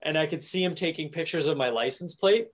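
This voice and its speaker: A young man hosting a casual chat, telling an animated story and laughing at it. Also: fairly high pitch, a little fast. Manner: animated storyteller, laughs at his own stories.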